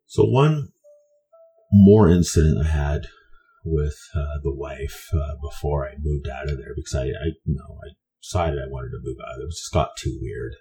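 A man's voice: rumbling low, normal speed, creaky, dark tone. A man from Canada telling a personal story in a meandering, conversational way, often restarting his sentences.

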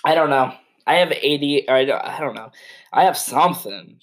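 A man's voice: medium pitch, normal speed. A young man co-hosting a casual podcast, rambling with lots of "like" and chuckling at his co-host. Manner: rambling, lots of "like" and restarts, easily amused. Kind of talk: casual chat.

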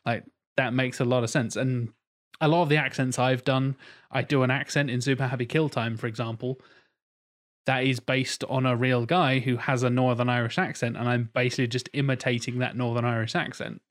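A man in casual podcast talk with a mid-range voice. He talks in an animated way and slips into playful mock voices to make a point. The chat is loose and conversational. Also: mid-range voice, a little fast. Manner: animated, acts out voices in quotes. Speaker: podcast co-host.

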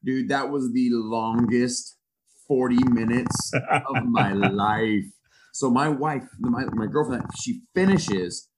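A man in his thirties, a football coach on a podcast, telling stories in a profane, self-mocking, animated way. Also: medium pitch, slow, background noise. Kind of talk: casual storytelling chat.

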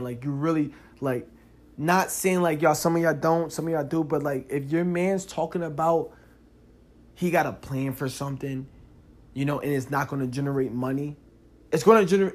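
Young guy w/ aave talking straight at you on his podcast, kinda high voice, gets loud n heated. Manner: animated, talks straight to the listener, rising loud when worked up. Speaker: podcast host. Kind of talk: casual monologue.

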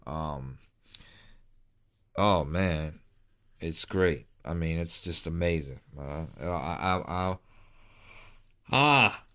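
A man's voice: very deep voice, slow pace, pauses often. A man chatting casually on his vlog, laid-back and rambling, tired and yawning late at night. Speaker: cigar vlogger. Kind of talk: casual chat.

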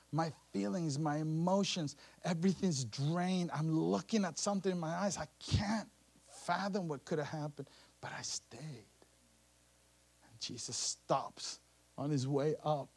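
A man preaching a sermon, telling a scripture story with animated bursts and acted-out voices. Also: fairly high pitch, gravelly, slightly rough.

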